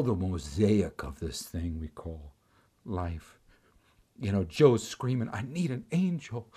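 A man telling a personal story in an animated way, acting out the voices and laughing often. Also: mid-range voice, breathy edge.

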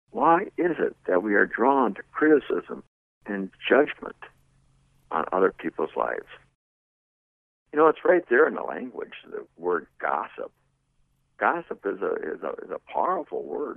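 A middle-aged man speaks about leadership in a rough, gravelly voice that swings widely between emphatic and hushed. He tells personal stories and asks the listener rhetorical questions. The sound is dry and narrow, like a radio broadcast heard over a phone. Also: fairly low pitch, no echo. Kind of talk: personal storytelling talk. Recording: tinny phone-like radio audio.

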